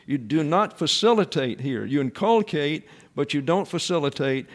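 A man giving a Bible class sermon, explaining terms step by step and often saying "okay". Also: on the high side. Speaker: Bible teacher.

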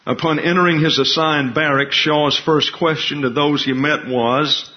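A man giving a history presentation in a steady, measured reading voice, with occasional asides. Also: fairly high pitch. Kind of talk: reading a prepared history talk. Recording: dull lo-fi recording.

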